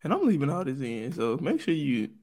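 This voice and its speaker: A man's voice: medium pitch, very animated, fairly quick, a little mellow. A young man in his twenties from Mississippi with a Southern American accent, co-hosting a podcast in a playful, teasing casual chat. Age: 20s. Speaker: podcast co-host.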